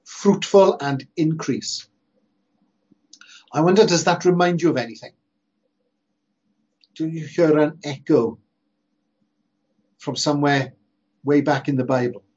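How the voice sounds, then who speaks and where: A man preaching a sermon in an earnest, emphatic way, slowing down to stress repeated phrases. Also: fairly high pitch, fairly even intonation, a little mellow, husky. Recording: dull lo-fi sermon recording.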